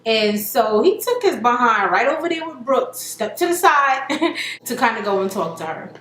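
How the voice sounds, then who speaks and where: Woman vlogger, highish voice, chatty slangy recap, roomy echo. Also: big pitch swings, moderate pace, fairly bright tone. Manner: chatty, slangy storytelling, acts out quotes. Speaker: TV reality show reviewer. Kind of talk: casual episode recap.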